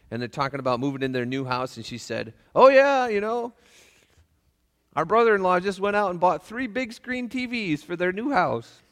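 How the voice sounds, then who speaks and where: A man's voice: on the high side, a bit bright, big-room sound. A man preaching a casual, joking sermon to his church. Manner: folksy, joking, acts out voices. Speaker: pastor. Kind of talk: conversational sermon. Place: church sanctuary.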